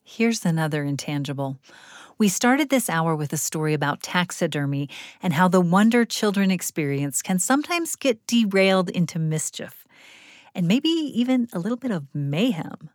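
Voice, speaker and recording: A woman's voice: fairly low pitch, sing-song, moderate pace, no room sound. Woman radio host, dry studio. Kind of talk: scripted narration.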